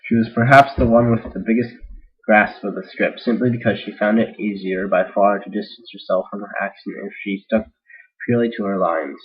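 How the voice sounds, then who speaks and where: A man's voice: on the low side, steady tone, brisk. A man reading fan fiction aloud in a casual way, with self-deprecating, joking asides. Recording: dull lo-fi recording.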